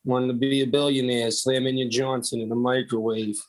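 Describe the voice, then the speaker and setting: A man's voice: medium pitch, flat delivery, brisk. A man on a comedy podcast, teasing the others with stammering, mocking riffs. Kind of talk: improvised comedy banter.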